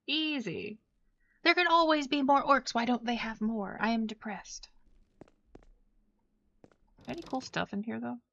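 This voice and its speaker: A woman's voice: on the high side, normal speed, gravelly, bright, forceful tone, dull audio. A woman streaming a video game, chatting casually with her chat and her pet as she plays. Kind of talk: casual gameplay stream commentary.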